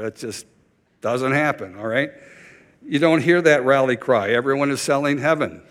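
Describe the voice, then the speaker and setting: A man's voice: mid-range voice, moderate pace, big-room sound. A man preaching a sermon as pastor, urgent and emphatic, repeating key phrases for weight.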